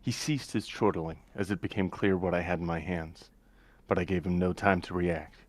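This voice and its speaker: A man's voice: low-pitched, steady tone, normal speed. A man narrating fight scenes in first person as a player in a tabletop story game. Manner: dramatic action narration. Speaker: player narrating his character.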